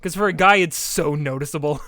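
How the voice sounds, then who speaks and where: A man's voice: on the high side, fairly quick, no room sound, clean studio sound. A young man co-hosting a casual podcast, joking around and acting out silly voices. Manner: animated, jokey, acts out silly voices. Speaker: podcast co-host.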